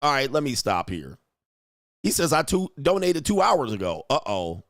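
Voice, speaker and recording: A young man coaching on dating hosts a loose livestream, reading out viewer messages one after another. He talks bluntly, in street slang and with plenty of swearing, at an ordinary middle pitch. The recording is dry and close, with no room echo. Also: big pitch swings, moderate pace, a bit bright. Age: young adult. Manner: blunt, profane, slangy ranting. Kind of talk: livestream chat, reading viewer donations aloud.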